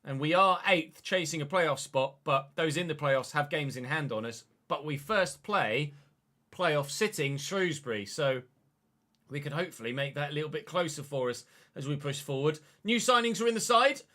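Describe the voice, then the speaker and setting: A man's voice: a little high, moderate pace, pushed and bright. A young man streaming a football management game, chatting casually, swearing and answering his chat. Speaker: gaming livestreamer. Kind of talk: casual live game commentary.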